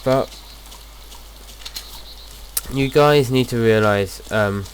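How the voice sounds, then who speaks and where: Speaking very slowly in a mid-range voice, a young man narrates his gameplay for a video, with slight background noise behind him. He's casual and rambling, repeatedly restarting what he says.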